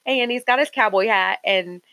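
A woman's voice: medium pitch, normal speed, pushed and bright, no echo. A woman talking casually and at length, walking through what happened on a show. Her voice sits in the middle of the range and sounds dry and close, with no room around it. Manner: chatty, retells a show in detail. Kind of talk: casual chat.

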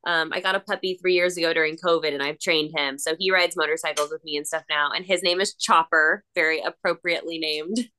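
Bright-voiced upbeat actress guest. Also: female voice, sits low, steady tone, brisk, hardly any pauses, clear, resonant tone. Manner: upbeat, gushing, acts out voices in her stories. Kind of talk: casual interview chat.

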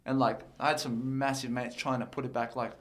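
A man's voice: mid-range voice, little pitch movement, fairly quick. A young man, talking candidly and rambling in a casual chat. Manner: candid, rambling, repeats words.

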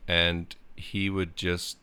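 A man's voice: deep voice, completely flat delivery, drawn-out words, sharp tone, smooth. A man co-hosting a podcast, telling music stories in a casual, rambling way with lots of fillers. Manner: rambling, storytelling, many fillers. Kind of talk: casual chat about music.

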